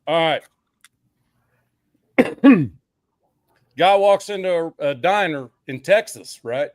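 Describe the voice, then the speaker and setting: A man's voice: a little high, lively intonation, takes it slowly, no echo, studio quality. A man co-hosting a casual livestream, telling jokes and laughing at his own punchlines, often repeating words as he goes. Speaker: podcast co-host telling jokes.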